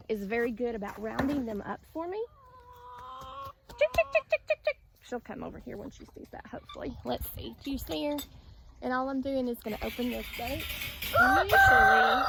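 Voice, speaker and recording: A woman's voice: gravelly, heavy background noise. A woman talking casually outdoors on her farm in a vlog, explaining her garden chores and calling her chickens in a sing-song voice. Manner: chatty, calls chickens in a high sing-song voice. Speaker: farm vlogger.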